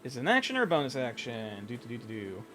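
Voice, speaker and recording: A man running a tabletop game as game master, animated and sometimes hesitant as he checks rulings. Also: medium pitch, fast, faint music behind.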